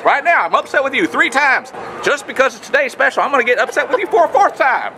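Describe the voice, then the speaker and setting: A man imitating a loud TV pitchman who scolds his wife as if he were selling a product. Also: very animated, fast talker, a little hiss or hum, full character voice. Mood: indignant. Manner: shouting like a TV sales pitch.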